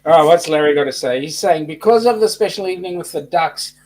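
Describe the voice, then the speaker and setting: A man's voice: on the high side, fast talker, darkish tone, poor audio. A man with an Australian accent co-hosting a casual live chat, joking and reading viewer comments aloud. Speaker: co-host.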